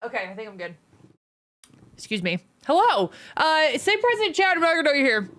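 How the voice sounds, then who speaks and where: A woman's voice: high voice, big pitch swings, brisk, a bit bright, dry recording. A young adult woman streaming live, chatting casually and playfully, teasing and greeting her viewers by name. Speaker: livestreamer. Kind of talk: casual livestream chat.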